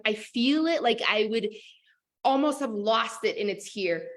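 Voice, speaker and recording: A woman talking casually as a motivational coach, animated and full of fillers like "like" and "oh my God". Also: fairly high pitch, measured pace. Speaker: business and manifestation coach.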